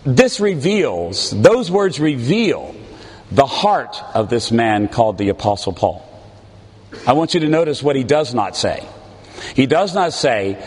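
A male pastor delivers a sermon in a slow, deliberate cadence, his pitch rising and falling with lively expression. His earnest, pleading tone carries through a large sanctuary, where a long reverb trails each phrase.

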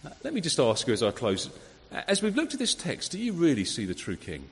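A man preaching a sermon, conversational and lively, full of rhetorical questions. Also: a little high, brisk. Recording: long hall reverb.

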